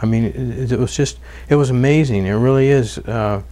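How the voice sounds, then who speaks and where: A man with a mellow, medium-pitched voice tells stories at normal speed in an interview, serving as both documentary narrator and interviewee. He sounds earnest, with frequent fillers and restarts.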